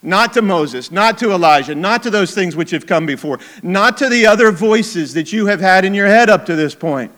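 A man's voice: high-pitched, expressive, moderate pace, hardly any pauses, a bit bright. A middle-aged man preaching a sermon as a pastor, conversational and emphatic, with chuckling asides.

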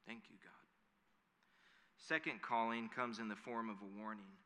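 A man's voice: lowish voice, steady tone, a little slow, bright, forceful tone. A man preaching a sermon in an earnest way that builds to emphatic declarations. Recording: long hall reverb.

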